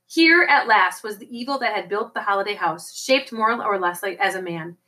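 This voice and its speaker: A woman reading a novel aloud as an audiobook, in a steady storytelling manner. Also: medium pitch, normal speed, rough recording. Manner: steady storytelling with occasional slips and restarts. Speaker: audiobook reader.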